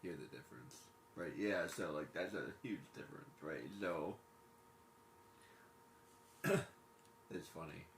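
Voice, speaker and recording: A man streaming live, chatting casually and rambling with lots of fillers as he talks fast. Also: deep voice, slight background noise. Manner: rambling, filler-heavy, self-reflective; quick-talking. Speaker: livestreamer. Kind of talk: casual live-stream chat while gaming.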